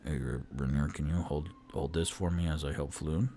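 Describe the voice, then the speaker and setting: A man voicing a calm adventurer in a low, easygoing voice during a solo tabletop role-play. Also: normal speed, a little hiss or hum.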